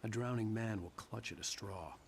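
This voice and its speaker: An actor playing a weary male writer who narrates his ordeal in a video game, with grim, measured delivery. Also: on the low side, vocal fry.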